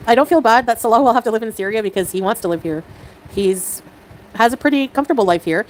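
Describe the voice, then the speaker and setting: A woman chatting casually on a livestream, excitable and giggly, with quick swings in mood. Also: on the high side, a little hiss or hum, low-quality recording.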